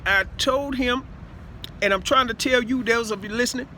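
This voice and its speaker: A man giving a rambling, improvised talk to his listeners, halting with many stammered repeats and asides of "see?". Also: very high-pitched, sharp tone, slight background noise. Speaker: self-styled speaker addressing listeners.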